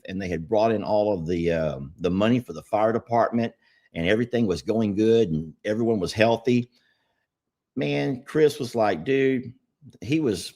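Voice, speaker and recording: A man's voice: mid-range voice, darkish tone. A man, co-hosting a casual podcast chat and telling rambling stories. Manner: rambling storytelling, easygoing. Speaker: podcast co-host.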